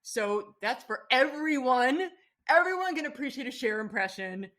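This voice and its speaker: A woman's voice: high-pitched, lively intonation, moderate pace, a bit bright. A woman chatting on a podcast, gushing and rambling with frequent restarts. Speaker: podcast guest. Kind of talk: casual podcast chat.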